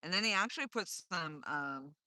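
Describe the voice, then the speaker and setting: A woman's voice: on the low side, animated, moderate pace, pushed and bright, dry recording, studio quality. A woman hosting a casual live stream from a lake dock, chatting and reading viewer comments aloud with playful wordplay. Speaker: livestream host.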